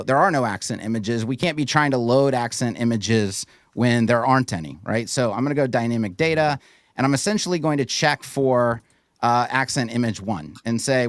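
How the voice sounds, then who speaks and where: A man talks through a live build at speed, sure of every step. His voice is smooth and crisp. The sound is dry and close, with no room around it. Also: medium pitch, dry recording. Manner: fast, confident technical walkthrough. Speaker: guest web designer. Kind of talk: live screen-share tutorial.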